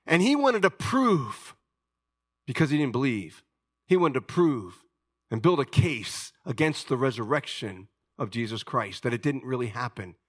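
A man preaching a sermon, swinging from loud, high outbursts to hushed, low passages and acting out the voices of people in his stories. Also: sing-song, unhurried. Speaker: pastor.

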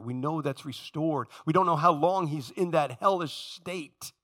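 A man preaching a sermon with passion, talking straight to his congregation and swinging from loud emphasis to hushed, low tones. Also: measured pace, hardly any pauses. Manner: addresses congregation directly.

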